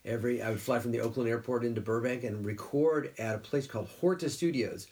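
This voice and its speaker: A middle-aged man telling stories from his working life in an easygoing interview. He talks in a loose, rambling way and keeps breaking into short impressions of people. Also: medium pitch. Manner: animated storyteller who slips into quick character voices. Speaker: guest voice actor. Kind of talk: casual interview storytelling.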